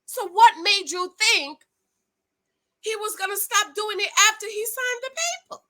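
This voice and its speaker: A woman's voice: very high-pitched, unhurried, bright, forceful tone, poor audio. A woman giving sassy, emphatic recap commentary on a reality show, talking straight to her viewers and repeating her points for effect.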